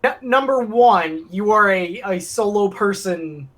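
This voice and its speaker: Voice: mid-range voice, animated, unhurried, a bit bright, poor audio. A player joking and teasing in casual chat on a game stream.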